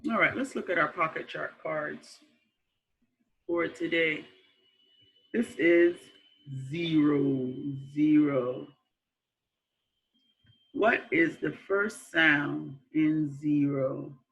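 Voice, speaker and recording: A woman teaching young children a phonics lesson, slow and patient, repeating words and praising them. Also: sits low, gravelly, highs cut off. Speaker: kindergarten teacher.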